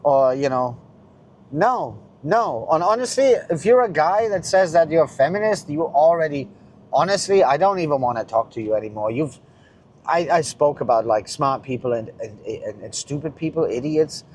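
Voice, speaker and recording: Middle-aged guy going off on a profane rant, kinda high voice, loud then muttering. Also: expressive, normal speed, a little hiss or hum. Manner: blunt, profane, swings loud and quiet. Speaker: vlogger. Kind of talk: ranting monologue.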